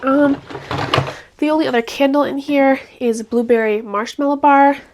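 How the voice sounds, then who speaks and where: Young female vlogger, slightly high voice, casual rambling product chat. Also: fairly even intonation, moderate pace, background noise. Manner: chatty, rambling, with frequent fillers. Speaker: beauty vlogger.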